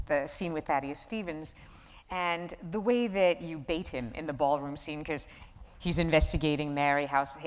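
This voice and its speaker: A woman hosting an onstage film interview, asking measured questions with some hesitation. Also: low voice. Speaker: interview host. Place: large auditorium. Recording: long hall reverb.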